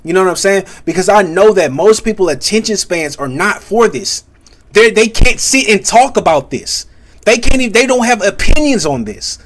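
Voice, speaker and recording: A young man rambling through a spiritual commentary monologue as a content creator, stumbling over restarts and repeatedly checking in with the listener. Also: high-pitched. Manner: halting, many restarts, keeps asking "you see what I'm saying".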